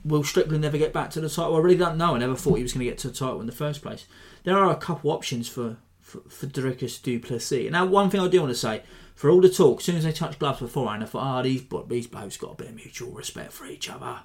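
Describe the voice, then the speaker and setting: A man's voice: a little high, fast talker, hardly any pauses. Rambling male fight-podcast host. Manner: rambling, animated, self-deprecating. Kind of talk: casual fight analysis.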